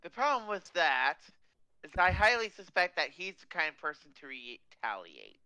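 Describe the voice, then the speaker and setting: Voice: mid-range voice, sing-song, normal speed, bright, forceful tone, clean tone, no room sound, low-quality recording. A game master narrating a tabletop role-play game in a hesitant, sighing way.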